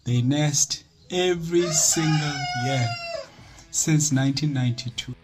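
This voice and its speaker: A man's voice: fairly high pitch, a little slow, over music. A man casually describing what he points out, in a plain, descriptive way. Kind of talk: casual on-site explanation.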